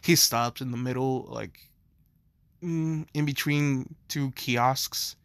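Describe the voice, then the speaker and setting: A young man telling a fan story in a rambling, casual way at a middle pitch. He's recorded close up and dry, with no room sound. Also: fairly even intonation, takes it slowly, vocal fry, fairly bright tone, smooth, no echo. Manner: rambling, filler-heavy.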